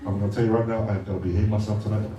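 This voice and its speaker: A man's voice: lowish voice, level tone, very fast, highs cut off, crowd noise. A middle-aged man from Samoa gives a casual, joking speech at a birthday party, hesitant and full of fillers. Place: large party hall. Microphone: handheld mic. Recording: echoey hall from far off, noisy.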